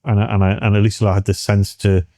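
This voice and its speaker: A middle-aged man from the UK, speaking earnestly and haltingly as an interview guest, with many restarts. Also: lowish voice, flat delivery, warm tone, no echo, studio quality. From United Kingdom. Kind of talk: candid personal interview.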